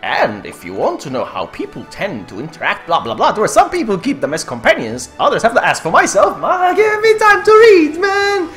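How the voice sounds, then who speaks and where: A streamer putting on an elderly male game professor, kindly, booming, lowered pitch, lively delivery. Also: quick pace, few pauses, soft background music. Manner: hammy, booming lines read off screen.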